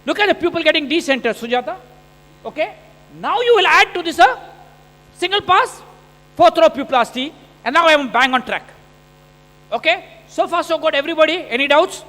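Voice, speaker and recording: A man, an eye surgeon giving an animated, joking conference lecture over surgical video and asking the audience "okay?" again and again. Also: very high-pitched, a little fast, long pauses. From India. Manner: animated, joking, first-person narration with frequent "okay?". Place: large conference hall. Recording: reverberant lecture hall.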